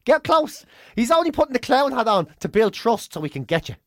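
An Irish woman hosting a podcast, chatting casually, animated and swearing freely. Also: on the high side, a little fast, dry recording, studio quality. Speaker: podcast host. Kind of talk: casual chat.

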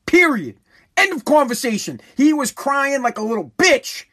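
A man's voice: extremely high pitch, big pitch swings, normal speed, bright, forceful tone. A man in his forties, a talk host telling a rambling, profane, repetitive story in a casual monologue. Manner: rambling, profane, repeats himself, emphatic.

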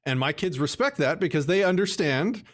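A man's voice: fairly high pitch, normal speed. Regular guy chatting about parenting, earnest and talky. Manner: earnest, explanatory, lively. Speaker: parent guest. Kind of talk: casual conversation.

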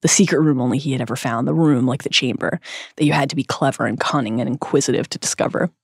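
A woman hosting a podcast, reading a scripted literary analysis in an expressive, emphatic way. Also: very deep voice, quick pace, husky, dry recording, studio quality. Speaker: podcast host.

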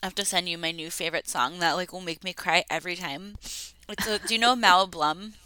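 A woman's voice: fairly low pitch, fairly even intonation, brisk, sharp tone, smooth, no echo, low-quality recording. A young woman co-hosting a podcast, chatty and self-deprecating, often laughing. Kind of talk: casual chat.

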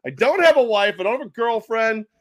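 A man doing a mocking impression of a boastful, crude male coach at a press conference, speaking in a raised, loud voice. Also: extremely high pitch, animated, fairly quick, no room sound, muffled recording, voice pushed up.

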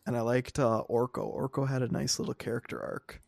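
A young man chats on a podcast, his voice gravelly with vocal fry. He gets heated and exasperated, ranting in a casual way. The sound is close and dry, with no room around it. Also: medium pitch, steady tone, fairly quick, darkish tone, no echo. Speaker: podcast co-host.

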